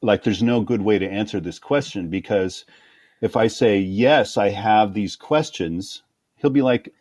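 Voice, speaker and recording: Low-voiced man telling lively stories. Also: unhurried, no room sound. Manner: animated anecdotes, acting out quoted voices with laughs. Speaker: guest conductor. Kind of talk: storytelling interview.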